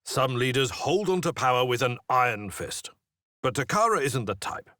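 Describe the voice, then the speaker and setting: A man's voice: medium pitch, very animated, normal speed, bright, forceful tone, no room sound. An actor playing a proper male officer, formal and dry, slightly exasperated. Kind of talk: video game voice acting.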